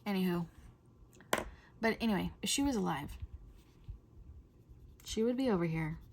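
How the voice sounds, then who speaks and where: A middle-aged woman hosting a coloring video, chatting in a rambling way and often dropping to a soft whisper. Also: on the low side, lively intonation, normal speed, slight background noise. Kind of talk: casual chat while coloring.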